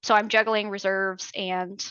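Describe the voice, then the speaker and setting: A woman in her thirties tells her own story as a podcast guest, candid and emphatic. She acts out the exchanges in bright, forward tones. The recording is dry, a little dull in the highs. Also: flat delivery, a little slow, clear, resonant tone, no echo. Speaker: podcast guest, Navy veteran. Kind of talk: personal story in an interview.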